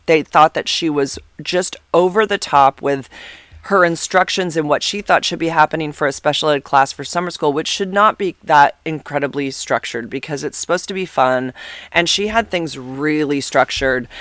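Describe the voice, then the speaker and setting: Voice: mid-range voice, a bit bright, no echo. A substitute teacher telling a personal story in a casual, rambling way, full of restarts and fillers.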